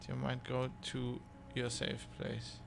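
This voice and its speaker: A man's voice: mid-range voice, completely flat delivery, unhurried, gravelly, background noise. A man streaming a video game, joking casually and reading dialogue choices aloud. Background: faint game music.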